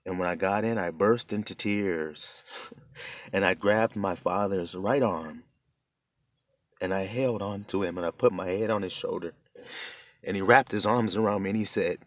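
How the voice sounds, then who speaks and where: A man's voice: low-pitched, moderate pace, no room sound. Earnest man giving a heartfelt testimony. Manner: casual, plain-spoken. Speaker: preacher giving a personal testimony. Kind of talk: emotional testimony and preaching.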